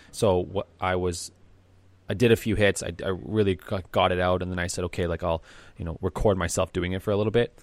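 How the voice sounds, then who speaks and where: A man with a low, gravelly voice co-hosts a casual podcast and talks things through in an earnest, reflective way, often pausing on fillers. His voice is recorded close and dry, with no room sound. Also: dry recording. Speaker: podcast co-host.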